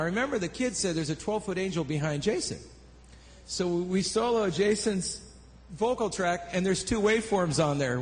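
A high-voiced man tells a church testimony in an animated way, acting out the other people in his story. He is recorded live in a hall with a long reverb. A faint hum sits behind him. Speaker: worship leader and music producer.

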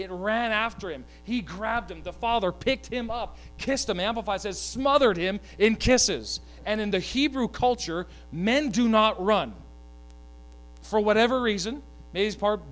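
High-voiced man preaching an animated sermon. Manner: animated, joking asides, calls for congregation to repeat. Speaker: pastor.

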